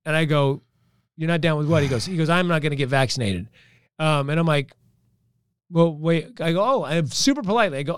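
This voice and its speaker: A man's voice: fairly high pitch, brisk, clear, resonant tone, dry recording, studio quality. A middle-aged man, a gym owner, telling a story in casual chat and acting out the dialogue. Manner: animated storyteller, acts out dialogue.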